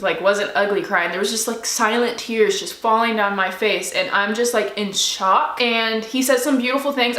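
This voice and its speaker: A young woman vlogger tells a personal story straight to camera in a chatty, animated way. Her voice sits a little high and sounds bright. The room adds a noticeable echo. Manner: excited, chatty, animated retelling.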